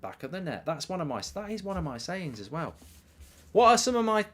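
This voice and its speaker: A man hosting a live football watchalong, rambling and self-mocking as he chats, often dropping into a quiet mumble. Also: high voice, sing-song, fairly quick. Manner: rambling, self-mocking, riffs on ideas and reads out viewer messages. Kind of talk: casual live commentary and chat reading.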